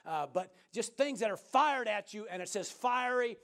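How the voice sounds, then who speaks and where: A man with a high voice delivering a sermon to his congregation. He leans hard into emphatic, building phrases and pulls the room in with call-and-response. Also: animated, normal speed. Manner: emphatic, builds to shouted exclamations. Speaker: preacher.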